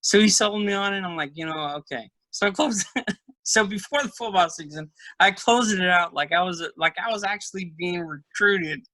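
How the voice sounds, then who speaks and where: A man, a guest in a casual interview over a video call, telling animated stories and laughing often. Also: sits high, moderate pace, no echo, rough recording. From Texas. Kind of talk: casual storytelling chat.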